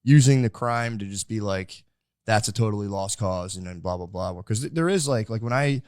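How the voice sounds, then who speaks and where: A man's voice: on the low side, normal speed, clear, resonant tone, no room sound, clean studio sound. A young man hosting a casual podcast interview, rambling with lots of fillers. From United States. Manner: rambling, filler-heavy with many likes. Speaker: podcast host.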